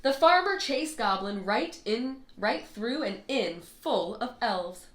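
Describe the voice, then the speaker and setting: A woman reading a children's bedtime storybook aloud in an expressive, lilting way. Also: fairly high pitch, slow pace. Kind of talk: read-aloud storybook narration. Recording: echoey room.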